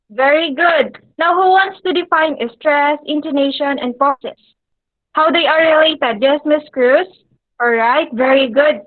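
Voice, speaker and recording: A woman teaching an English lesson to a class. She pauses often and checks in with her students through frequent questions. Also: sits high, dry recording, phone-quality sound. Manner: pauses often, with occasional fillers. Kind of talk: classroom lecture addressing students.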